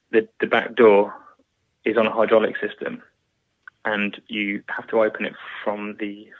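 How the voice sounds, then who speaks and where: Low, flat British man on a tinny line. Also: no room sound. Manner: halting, plain-spoken, frequent restarts. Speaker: guest, former soldier. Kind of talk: recounting a war story in an interview. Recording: tinny phone-like line, dry.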